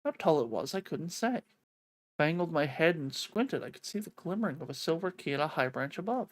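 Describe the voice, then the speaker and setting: A woman reading a visual novel aloud, an expressive reader who breaks off to swear and joke, on a close mic. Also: deep voice, a little fast. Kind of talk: reading a game's narration aloud with live reactions.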